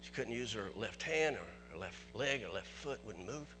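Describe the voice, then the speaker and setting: A man pastor telling a personal story in a sermon in church, chatty at first and rising to excited preaching. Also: fairly low pitch, moderate pace, faint music behind. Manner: conversational, builds to excited preaching.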